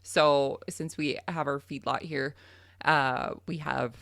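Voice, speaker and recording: A woman telling a farm story as a guest on a casual podcast chat, animated and laughing often between her fillers. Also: low-pitched, takes it slowly, creaky, dry recording, studio quality. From Canada.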